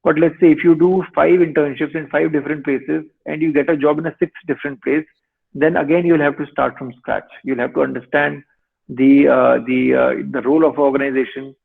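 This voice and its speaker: Gravelly lawyer on a tinny call line. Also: male voice, a little high, little pitch movement. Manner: measured, advisory. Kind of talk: webinar answer. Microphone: video call. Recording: tinny online call audio.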